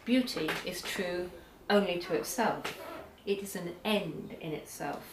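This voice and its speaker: A woman giving an academic lecture on poetry, measured, reading poems aloud slowly, recorded from a distance in a lecture hall. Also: fairly low pitch, noisy background. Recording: echoey hall, far from the mic, audience.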